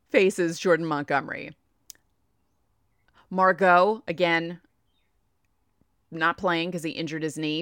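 A chatty woman with a New York accent runs through baseball numbers in a casual, talky way. Her voice sits fairly low, and the sound is dry and close. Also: fairly bright tone, no room sound. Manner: chatty, reads off stats, talks to herself. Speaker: baseball podcaster. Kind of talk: casual sports preview talk.

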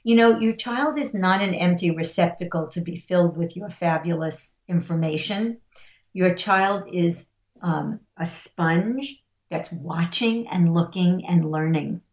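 A woman's voice: on the low side, measured pace, roomy sound. A middle-aged woman, a parenting expert guest on a podcast, teaching through stories and acting out the quotes she tells. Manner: animated storyteller acting out quotes.

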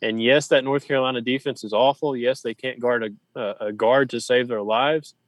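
A man's voice: medium pitch, fairly even intonation, normal speed, dry recording, poor audio. A man co-hosting a sports podcast, making his points with emphatic, repeated phrasing. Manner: emphatic, listing points in rhythmic repetition. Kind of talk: casual sports talk.

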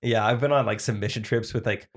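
Easygoing quick-talking male co-host. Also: on the low side, fairly even intonation. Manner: quick, easygoing, laughs often. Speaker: podcast co-host. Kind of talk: casual comedy chat.

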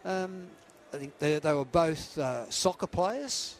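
Brief: man, 60s, higher-pitched, hesitant recollection. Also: a little hiss or hum. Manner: halting, many fillers and restarts. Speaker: guest, former batsman.

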